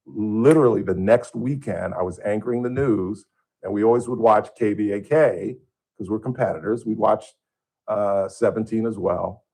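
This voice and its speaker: Man, radio host, husky voice, animated storyteller, speaks from a studio. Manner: animated, acts out his own outbursts with big pitch jumps. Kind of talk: casual storytelling monologue.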